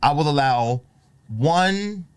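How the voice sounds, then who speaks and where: A man's voice: on the high side, animated, slow, clean tone, no echo. A man co-hosting a podcast, chatting casually and joking with frequent laughter. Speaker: podcast co-host. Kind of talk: casual chat.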